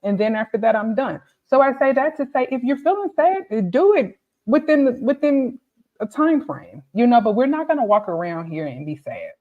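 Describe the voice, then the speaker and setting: A woman's voice: high-pitched, very animated, normal speed. Encouraging woman tutor, lo-fi sound. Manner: warm, motivational, conversational with frequent "okay?" and "right?". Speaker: pharmacy tutor. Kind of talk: encouraging talk to students.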